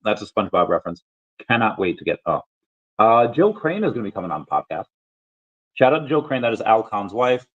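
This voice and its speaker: Chatty man reading out crypto shout-outs. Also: fairly low pitch, brisk, phone-quality sound. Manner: chatty, animated, frequent fillers and laughs, reads out posts and shout-outs. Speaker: crypto and collectibles video creator. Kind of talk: casual solo commentary.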